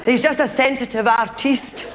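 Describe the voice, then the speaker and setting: A woman's voice: on the high side, fairly even intonation, moderate pace, crowd noise. A woman comedian with a Glaswegian Scottish accent, telling a gossipy, chatty comic monologue live in a theatre. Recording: live theatre recording with audience noise.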